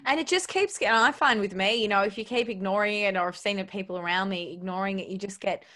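A woman's voice: mid-range voice, quick pace, pushed and bright. A woman in her thirties hosting a casual podcast, speaking reflectively about her own experience and asking open questions. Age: 30s. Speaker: podcast host.

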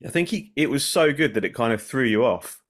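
Chatty man with a lively voice. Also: medium pitch, a little fast. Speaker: podcast co-host. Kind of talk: casual banter.

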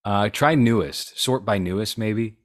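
A man co-hosting a podcast in casual chat, dropping wry, quick quips. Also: fairly low pitch, no echo, studio quality. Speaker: podcast co-host.

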